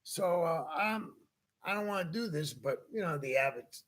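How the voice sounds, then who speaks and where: A man with a fairly high, bright, forceful voice that carries a husky grain. He is hosting a casual chat show and telling a rambling story, slipping into the voices of the people he quotes. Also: moderate pace. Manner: animated anecdote-telling, acting out quoted people. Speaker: podcast host.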